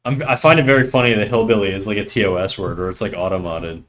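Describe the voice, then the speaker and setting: This young streamer's voice is on the low side and fast, with slight background noise behind it. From French Canada and carrying a Québécois accent, he chats loosely on his livestream, laughing, cursing freely, and mixing English with French.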